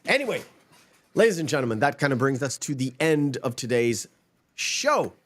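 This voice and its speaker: Man, podcast host, casual chat, rambling and emphatic, swears a lot, average pitch. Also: big pitch swings, normal speed.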